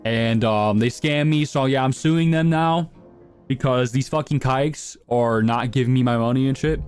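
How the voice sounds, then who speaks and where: A young man streams live and talks back to his chat in a loose, crude, slang-heavy way. His voice sits at an ordinary middle pitch, and quiet music plays underneath. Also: normal speed. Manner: crude, provocative, slangy banter.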